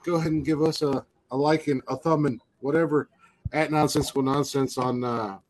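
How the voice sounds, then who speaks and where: A man's voice: fairly high pitch, steady tone, brisk, a little hiss or hum. A man hosting a casual podcast, talking in a loose, rambling way with frequent swearing and laughter. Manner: profane, rambling, laughs often. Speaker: podcast host.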